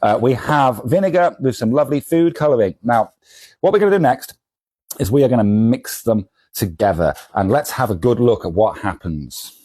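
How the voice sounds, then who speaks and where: Lively, jokey man. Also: mid-range voice, normal speed, slightly rough, no echo. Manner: rambling, self-deprecating and jokey. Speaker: comic shop seller. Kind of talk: casual vlog with a kitchen science demo.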